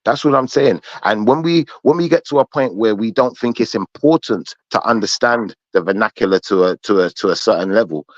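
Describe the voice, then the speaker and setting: A man's voice: lowish voice, brisk, few pauses, no echo, muffled recording. Argumentative man hosting a live panel. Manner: argumentative, insistent, cuts in. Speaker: podcast panel host. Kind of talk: heated live panel debate.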